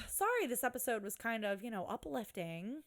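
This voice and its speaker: A woman co-hosting a casual podcast, snarky and quick to curse. Her voice sits a little high. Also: sing-song, noisy background. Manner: snarky, swears freely. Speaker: podcast co-host. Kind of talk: casual chat.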